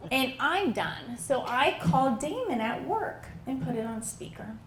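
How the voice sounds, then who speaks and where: Woman comedian, animated storytelling, high voice, backyard show, echoey sound with noise behind. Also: slow. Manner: animated storytelling, acts out family members. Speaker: stand-up comedian. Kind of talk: stand-up comedy set.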